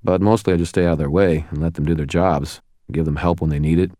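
A man voicing a dry-humored wizard detective in an audiobook, talking with sardonic, deadpan asides. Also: sits low, fast, no room sound, natural voice. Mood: wry.

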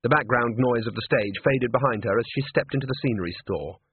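Husky man narrating, tinny phone sound. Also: medium pitch, fairly quick, no echo. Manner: lively, expressive reading. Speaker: audiobook narrator. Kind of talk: scripted narration.

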